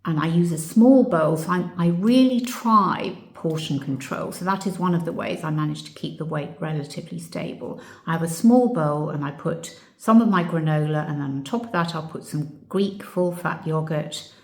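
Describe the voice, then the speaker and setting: A woman's voice: low voice, normal speed, hardly any pauses. A woman vlogger answering viewer questions in a casual, reflective chat that turns emotional. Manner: warm, reflective, gets emotional. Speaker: channel host. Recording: echoey room.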